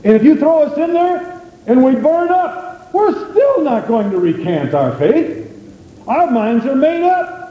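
A man voicing three young men who boldly refuse a king, in a high, ringing, defiant tone. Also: very animated, measured pace, warm tone, a little hiss or hum, full character voice. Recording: echoey hall.

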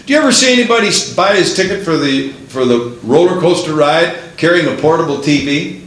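A man preaching a Pentecostal sermon who builds to excited exclamations and breaks into laughter. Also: a little high, brisk, echoey room, a little hiss or hum.

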